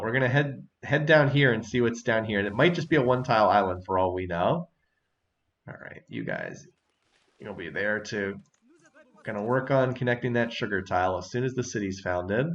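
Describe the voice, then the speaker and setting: A man with a medium-pitched, slightly bright voice, the high frequencies cut off, hosts a let's-play session of a strategy game. He chats casually, thinks out loud, and laughs a lot.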